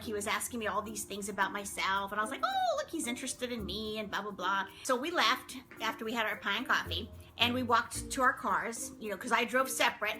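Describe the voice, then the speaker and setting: A middle-aged woman tells a story to camera in a bright, slightly high voice. She is chatty and exclamatory and acts out the voices of people in her story. Her delivery is animated vlog storytelling. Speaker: vlog host telling a story.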